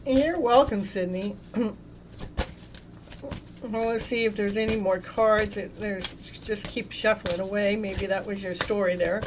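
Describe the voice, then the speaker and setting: Over a noisy background, a woman speaks at a measured pace in a medium-pitched, fairly even voice. As a tarot reader hosting a live show, she greets chat viewers by name, laughs often, and trips over her words, repeating them.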